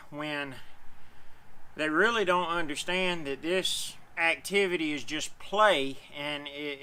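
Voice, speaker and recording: A man's voice: a little high, sharp tone, clear, resonant tone. A man talking casually to the camera outdoors about his dog, folksy and rambling, slightly out of breath. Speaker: dog owner vlogger.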